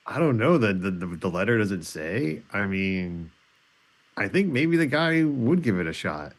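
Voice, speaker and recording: A man's voice: lowish voice, sing-song, a little slow. A man co-hosting a podcast in casual chat, hesitant and curious, reading a listener letter aloud with halts.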